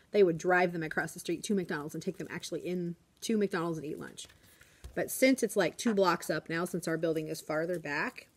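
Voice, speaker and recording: A woman's voice: on the low side, a little mellow. Chatty, rambling woman teacher vlogging. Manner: chatty and rambling, self-deprecating, acts out quotes. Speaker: first grade teacher. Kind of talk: casual vlog storytelling.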